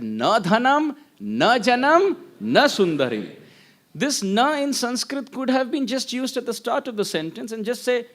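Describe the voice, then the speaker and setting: A man giving a devotional lecture, telling stories with acted-out voices and chanting Sanskrit verses. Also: high voice. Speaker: preacher.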